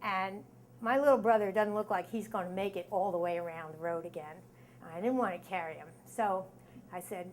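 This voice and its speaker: A middle-aged woman tells a story on stage to a live audience, her medium-pitched voice moving fairly quickly over a faint hiss or hum. She's lively and acts out the quoted voices, breaking into sudden screams.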